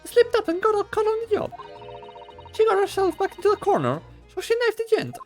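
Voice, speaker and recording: A man's voice: very high voice, wildly swooping pitch, a little fast, faint music behind, voice pushed up, heavily acted. A man voicing a brash young female London pickpocket, with a put-on Cockney accent and dropped H's. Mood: mocking.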